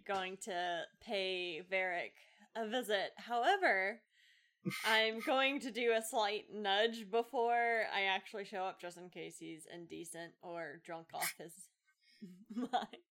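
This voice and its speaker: A woman's voice: medium pitch, slow, fairly bright tone. A woman playing a tabletop game, describing her character's actions in a hesitant, giggly way. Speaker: player.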